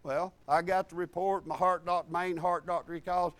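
A man preaching a sermon in a folksy, animated storytelling way. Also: sits high, normal speed, no room sound.

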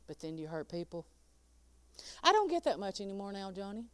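A woman's voice: medium pitch, big pitch swings, moderate pace, dry recording. A woman preaching a sermon, laughing often and calling out listeners by name.

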